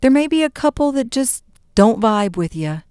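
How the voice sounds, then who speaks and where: A woman hosting a podcast, giving an animated motivational talk with playful, mock-dramatic asides. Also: a little high, normal speed, clear, resonant tone, dry recording, studio quality. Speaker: podcast host. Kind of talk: motivational monologue.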